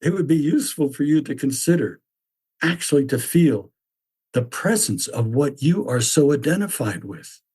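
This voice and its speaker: A man voicing a stern mythic figure who lectures bluntly in a measured, repetitive way. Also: on the high side, sing-song, dark tone, breathy edge. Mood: lecturing. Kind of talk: reflective spoken essay.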